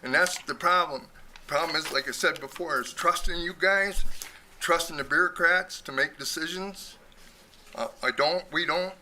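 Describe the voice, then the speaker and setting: A man's voice: fairly high pitch, moderate pace, bright, forceful tone, a little hiss or hum. Blunt, breathless man at a podium. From Michigan. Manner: blunt, frustrated, repeats himself. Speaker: public commenter. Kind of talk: public comment at a meeting. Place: city council chamber.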